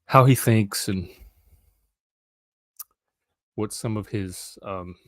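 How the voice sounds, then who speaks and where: A man's voice: fairly low pitch, drawn-out words, dry recording, clean studio sound. A middle-aged man hosting a casual solo live stream, rambling and hesitant with frequent ums.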